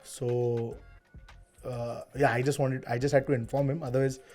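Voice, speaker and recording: A man in his thirties with an Indian English accent, an ad director chatting in an interview, who tells stories with animated asides and slips into Hindi phrases. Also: mid-range voice, moderate pace, soft background music. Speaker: interview guest, ad director and actor. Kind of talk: casual interview chat.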